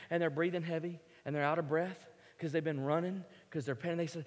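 A man's voice: a little high, fairly even intonation, fast, few pauses. Preaching man in a reverberant hall. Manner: storytelling, conversational, emphatic. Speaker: pastor. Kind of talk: sermon.

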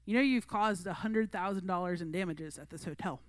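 A woman voicing a calm, generous male hotel owner who speaks firmly. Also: fairly low pitch, a little fast, no echo, lightly acted.

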